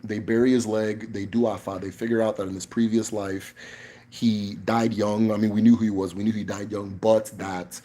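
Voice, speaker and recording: In a lowish, dark voice with flat delivery at a normal speed, a male livestream host takes questions casually. His manner is blunt, emphatic and profane, with "right?" punctuating his points.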